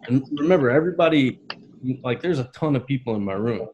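A man's voice: mid-range voice, expressive, fast, dull audio. A man in his thirties telling an emotional personal story in a casual conversation, earnest and heartfelt. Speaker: podcast guest.

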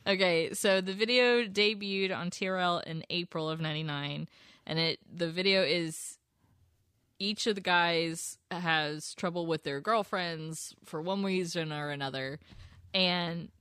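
A woman's voice: on the low side, unhurried, fairly bright tone, smooth, dry recording, studio quality. A woman co-hosting a casual podcast, laughing often as she presents song facts. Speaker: podcast co-host. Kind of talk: casual chat.

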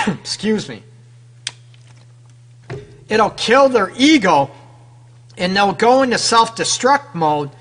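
A man's voice: high-pitched, sing-song, slow pace, pauses often, fairly bright tone, husky. A man hosting a radio advice show as a relationship counselor, talking frankly and loosely to his listeners and firing off rhetorical questions.

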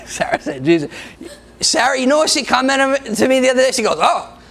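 A man's voice: extremely high pitch, big pitch swings, moderate pace, fairly bright tone. A man preaching a sermon, joking with the people in the room and laughing often between points. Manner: laughs often, jokes with the congregation.

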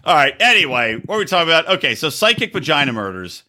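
A man's voice: a little high, very animated, fast, pushed and bright. A man hosting a podcast, telling profane stories and teasing his co-host, laughing often. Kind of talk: crude casual banter.

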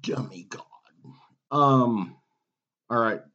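Slow-talking laid-back man. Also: mid-range voice, pushed and bright. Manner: laid-back, swears often. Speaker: podcast co-host. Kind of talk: casual profane chat. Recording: muffled lo-fi podcast audio.

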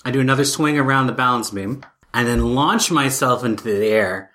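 Animated player at a tabletop game. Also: mid-range voice, brisk.

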